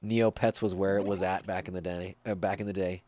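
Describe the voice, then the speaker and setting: A man's voice: low voice, level tone, fairly quick, darkish tone, a little hiss or hum. A man streaming a video game, chatting casually and reacting to viewer messages. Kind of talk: casual gameplay livestream chat.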